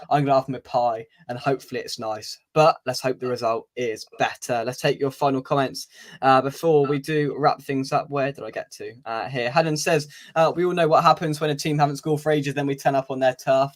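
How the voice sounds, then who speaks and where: A young man hosting a football fan channel's match preview, chatting casually and wryly with plenty of filler words. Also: mid-range voice. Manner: chatty, wry, lots of "uh" fillers.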